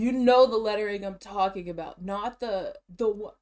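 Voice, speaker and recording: A woman streamer chatting casually to herself while shopping and browsing online, excitable and slangy, laughing often, a bit out of breath. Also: mid-range voice, moderate pace, few pauses.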